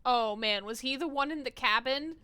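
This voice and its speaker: A woman voicing a bewildered young man who wakes up in trouble. She reads the game's lines aloud dramatically in her high, bright voice. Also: normal speed, clear, resonant tone, dry recording. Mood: confused.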